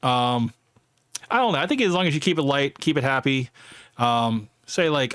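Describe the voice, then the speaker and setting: A man's voice: mid-range voice, animated, moderate pace, a bit bright, dry recording, clean studio sound. A man hosting a live stream in casual talk, rambling with many fillers and restarts, blunt and jokey. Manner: blunt, jokey and self-deprecating.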